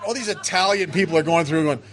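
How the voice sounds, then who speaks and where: A man's voice: on the high side, quick pace, very noisy. A man telling a personal recovery story to a meeting, emotional and self-mocking by turns. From United States. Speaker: recovery speaker.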